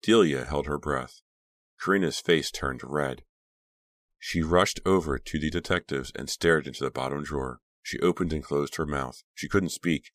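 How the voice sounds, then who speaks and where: A man reading a teen thriller novel aloud in a steady, measured audiobook narration. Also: extremely low pitch, no room sound, studio quality. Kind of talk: scripted narration.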